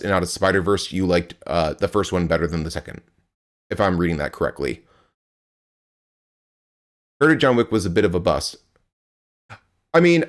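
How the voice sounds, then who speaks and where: A young man streaming a game live, chatting with his viewers in a rambling, playful way and grunting as he plays. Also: on the low side.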